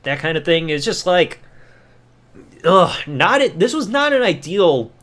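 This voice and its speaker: Animated ranting male podcast host. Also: high-pitched, moderate pace. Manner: animated, ranting, mocking voices. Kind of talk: casual review commentary.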